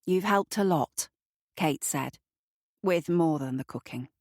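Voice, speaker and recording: A brisk, bustling woman hosting a family dinner, her voice lowish and dry. A woman reads her in an audiobook. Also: darkish tone, no room sound, full character voice.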